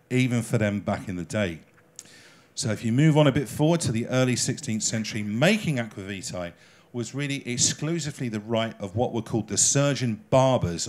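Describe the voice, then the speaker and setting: Chatty English man giving a lecture. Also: lowish voice. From England. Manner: chatty, jokey, asks the audience questions. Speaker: cruise ship enrichment lecturer. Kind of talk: lecture with slides.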